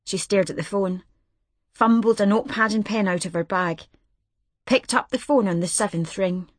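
A woman reads a novel aloud in a steady, measured way, at a pitch typical for a woman. The recording is close and dry, with no room around her. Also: no echo. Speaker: audiobook narrator. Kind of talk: scripted narration.

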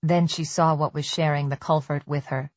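Steady woman narrator, low and dry. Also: moderate pace, dry recording, dull audio. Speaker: audiobook narrator. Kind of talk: scripted narration of a suspense novel.

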